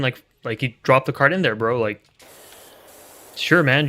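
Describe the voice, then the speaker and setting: Man, game streamer, casual live commentary, profane, ranting, mid pitch. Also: moderate pace, long pauses, fairly bright tone.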